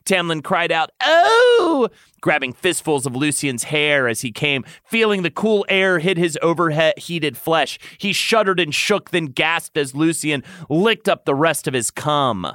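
A man, a podcast host, narrating in a mock-sultry, deadpan comedic reading. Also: fairly high pitch, unhurried, few pauses, dry recording, clean studio sound.

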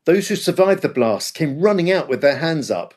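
Lively man narrating a war history. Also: on the high side, normal speed. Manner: dramatic storytelling delivery. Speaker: podcast host.

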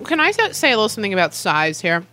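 A woman co-hosting a casual food chat, talking quickly and chatting while she eats. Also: mid-range voice, big pitch swings, over loud music. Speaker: co-host.

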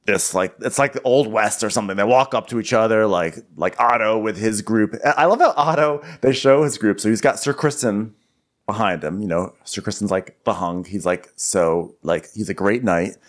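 A man's voice: lowish voice, moderate pace. A man co-hosting a comedy podcast, recapping a TV episode in a rambling way, with lots of "like" and mocking quotes.

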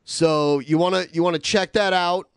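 A man's voice: sits high, steady tone, normal speed, clear, resonant tone, dry recording, clean studio sound. A man hosting a casual podcast, rambling through announcements and reading donation messages aloud with lots of filler words. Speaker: podcast host.

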